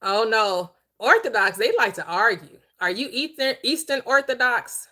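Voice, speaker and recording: A woman hosting a livestreamed Bible teaching, preaching in an emphatic, conversational way, slowing down to stress key phrases and chatting with viewers in between. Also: fairly high pitch, expressive, bright, forceful tone. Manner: chatty asides to viewers, quick laughs.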